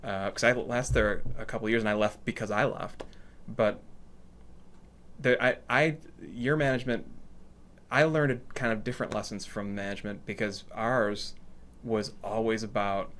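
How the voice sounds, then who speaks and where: A man's voice: lowish voice, fairly even intonation, moderate pace, fairly bright tone. A man co-hosting a podcast, chatting in an easygoing, reflective way. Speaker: podcast co-host. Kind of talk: casual chat.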